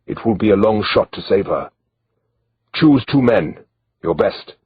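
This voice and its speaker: A man's voice: lowish voice, lively intonation, measured pace, husky, highs cut off, full character voice. A man reading the lines of a wry, guarded male guide who speaks with a broken accent, dry and matter-of-fact.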